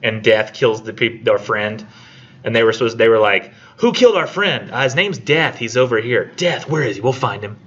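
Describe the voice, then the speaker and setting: A man with a somewhat low voice gives a casual college lecture to his class, retelling a story and acting out the characters' lines in a chatty way. The recording sounds muffled, with a little background hiss. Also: normal speed, fairly bright tone. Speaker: college English instructor.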